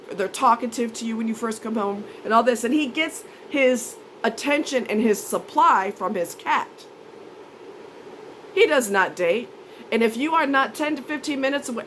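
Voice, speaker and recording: A woman's voice: a little high, fairly bright tone, a little hiss or hum, poor audio. A woman telling a story as a vlogger, ranting in an indignant, sarcastic and emphatic way. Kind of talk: storytime rant.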